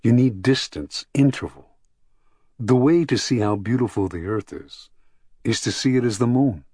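A man reading an audiobook, voicing a thin, gentle philosopher in an earnest, reflective way. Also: medium pitch, moderate pace, breathy edge, dry recording, studio quality, lightly acted.

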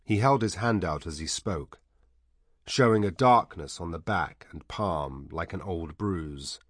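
A man reading a novel aloud as narrator, measured and even. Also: low voice, dry recording, clean studio sound. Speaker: audiobook narrator. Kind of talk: scripted narration.

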